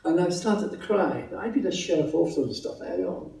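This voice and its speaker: A man's voice: a little high, expressive, brisk, creaky, mellow, roomy sound, recorded from a distance, low-quality recording. A Scottish man giving a personal testimony at a meeting, telling his story in a chatty, humorous way. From Scotland. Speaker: testimony speaker.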